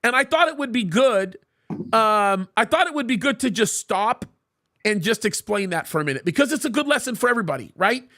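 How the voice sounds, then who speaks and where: A man's voice: high-pitched, expressive, fairly quick, sharp tone. A middle-aged man hosting a live talk show, telling stories and explaining his views emphatically, often repeating words as he starts a sentence. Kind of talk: live commentary and storytelling.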